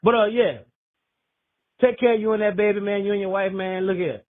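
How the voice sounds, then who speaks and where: A man's voice: high-pitched, steady tone, brisk. A man leaving a rambling, joking voicemail full of slang. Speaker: voicemail caller. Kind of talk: casual phone message. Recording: tinny phone line.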